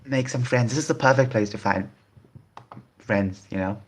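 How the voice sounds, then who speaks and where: A man's voice: mid-range voice, normal speed. A man hosting a casual video, commenting on online posts in a rambling way that repeats phrases. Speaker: video host.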